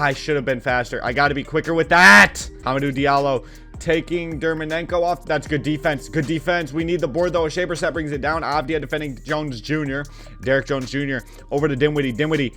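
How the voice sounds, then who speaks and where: A man giving casual play-by-play commentary on a basketball video game he is playing. He is excitable, gets frustrated quickly, talks straight to the players on screen, and uses slang and swearing. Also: a little high. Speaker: gaming channel host.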